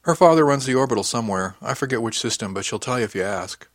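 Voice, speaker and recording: A man's voice: medium pitch, expressive, quick pace, no echo, clean studio sound, natural voice. A man voicing a wry, motherly woman spacer. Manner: teasing, easygoing.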